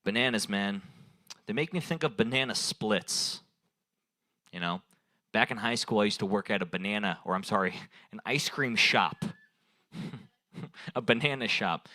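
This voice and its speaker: Animated man riffing through stand-up crowd work. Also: fairly low pitch, a little slow, pauses often, no echo. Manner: rambling, riffs on audience suggestions, laughs at own jokes. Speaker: stand-up comedian at an open mic. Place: bar stage at an open mic night.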